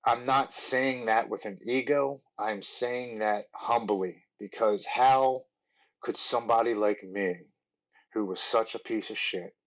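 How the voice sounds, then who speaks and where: A man in his forties with a lowish voice shares his story as a podcast guest. He talks earnestly and in a rambling way, full of "like" and restarts. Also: steady tone, slow, low-quality recording. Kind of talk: telling his recovery story.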